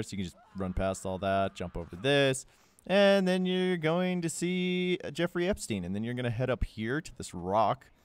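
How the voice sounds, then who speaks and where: A man's voice: mid-range voice, clean tone. A young man giving a casual, joking game walkthrough voice-over, rambling with sarcastic asides. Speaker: gameplay guide narrator.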